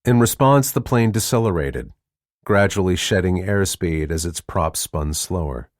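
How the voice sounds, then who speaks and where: Reading scripted audiobook narration, a man with a low voice keeps a steady, measured storytelling pace. The audio is clean studio sound, free of any room sound.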